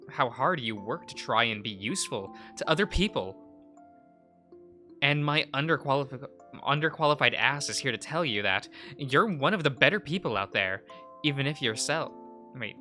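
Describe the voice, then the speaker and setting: A man's voice: medium pitch, bright, forceful tone. Man voicing blunt fiery woman florist. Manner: scolding, bluntly encouraging. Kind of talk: visual novel read-aloud.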